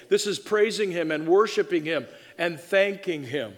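A man preaching a sermon in a church, animated and exuberant, often repeating words in quick bursts. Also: high voice. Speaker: pastor. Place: church sanctuary. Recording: long reverb of a large room.

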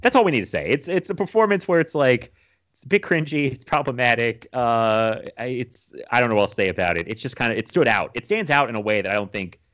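A man's voice: medium pitch, expressive, quick pace, a bit bright. A man in his thirties chatting casually about movies as a podcast co-host, rambling with many fillers and frequent laughs.

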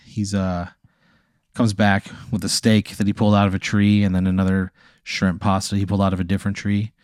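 A man with a lowish voice narrates an improvised comic scenario. He rambles loosely and swears freely. The recording is dry with no room sound. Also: little pitch movement, brisk, darkish tone, no room sound. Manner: casual, profane, rambling narration. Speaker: host running the hypothetical. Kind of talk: improvised comedic storytelling.

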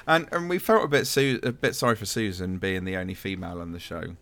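A man's voice: low voice, quick pace, a bit bright. A man in his thirties hosting a podcast, chatting casually and teasing his co-hosts. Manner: joking, teasing. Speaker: podcast host. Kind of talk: casual chat.

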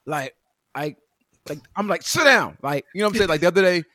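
A man's voice: on the high side, quick pace, a bit bright, no echo, studio quality. A man co-hosting a podcast, chatting casually about parenting in a rambling way with many restarts. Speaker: podcast co-host. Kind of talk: casual chat.

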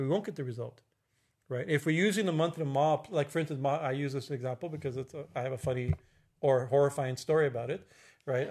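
A middle-aged man giving an informal religious talk as a spiritual teacher, halting, with many fillers and restarts, often asking "right?". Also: medium pitch, darkish tone.

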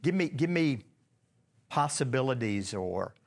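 A man's voice: mid-range voice, sing-song, a little slow. A man leading a casual Bible study, talking conversationally, asking the group questions and often restarting his sentences.

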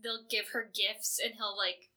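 A woman's voice: mid-range voice, little pitch movement, measured pace, sharp tone. A woman hosting a podcast, chatting casually and filling her talk with "like". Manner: chatty, many "like" fillers. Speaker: podcast host presenting fan awards. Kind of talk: casual chat.

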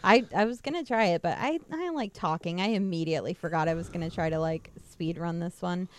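A woman co-hosting a podcast in casual chat, wry and quick to laugh, summing things up in clipped bits. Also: on the low side, slight background noise. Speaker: podcast co-host.

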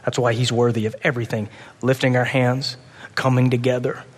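A man preaching a sermon with passion, swinging between urgent, loud pleading and soft, hushed moments. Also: mid-range voice, little pitch movement, fairly quick, long reverb tail. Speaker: pastor.

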